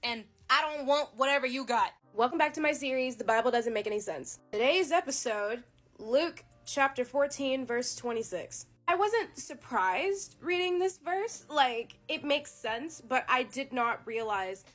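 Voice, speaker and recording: High, bright-voiced woman, sarcastic and profane. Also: animated, unhurried, soft background music. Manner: sarcastic, exasperated, heavy swearing; ex-Christian skeptic. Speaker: host of a Bible-critique series. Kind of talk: casual profane commentary.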